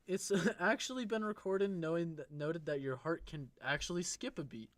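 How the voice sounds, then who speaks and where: A young man co-hosting a casual comedy podcast, jokey and excitable, swearing and riffing. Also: on the high side, moderate pace, dry recording. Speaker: podcast co-host.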